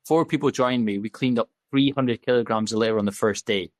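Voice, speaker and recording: A man's voice: medium pitch, a little fast, no echo. A man, a podcast guest telling his story in candid, casual talk, blunt and full of swearing, acting out the dialogue he quotes. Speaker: podcast guest, safety officer.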